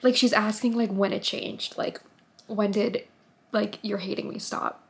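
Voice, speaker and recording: A woman's voice: medium pitch, steady tone, measured pace, creaky. A young woman in her twenties talking casually in a book vlog, chatty with many fillers, sometimes dropping to a whisper. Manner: chatty, filler-heavy, drops to whispers at times. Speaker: book vlogger.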